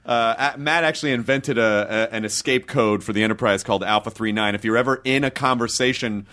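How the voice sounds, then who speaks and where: Man hosting a podcast, mid-pitched voice, jokey and enthusiastic, swears casually. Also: fairly quick, sharp tone. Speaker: podcast host. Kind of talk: casual chat.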